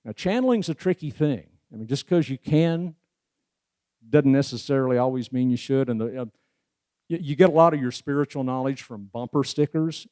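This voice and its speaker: A man's voice: mid-range voice, moderate pace, a little mellow, no echo. A man giving a casual spiritual presentation, talking in a folksy way with wry asides and many "you know"s. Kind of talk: casual spoken lecture.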